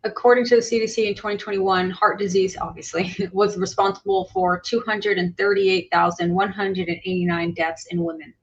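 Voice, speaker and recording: A woman's voice: medium pitch, level tone, a little fast, hardly any pauses. Blunt woman host, slightly muffled audio. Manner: blunt, matter-of-fact commentary. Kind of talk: casual reaction chat.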